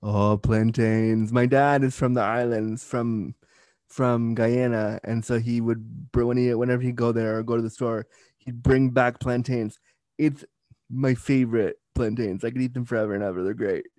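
A man hosts a casual interview in a chatty, slightly hesitant way, frequently restarting his sentences. His medium-pitched voice is a little mellow, with fairly even intonation and a moderate pace. The recording is dry and clean, from a studio.

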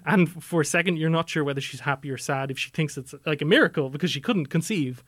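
Podcast co-host: young man, slightly high pitch, chatty and analytical, dead dry mic. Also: fast, fairly bright tone, no room sound. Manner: chatty, analytical, many "you know" fillers. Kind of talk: casual film discussion.

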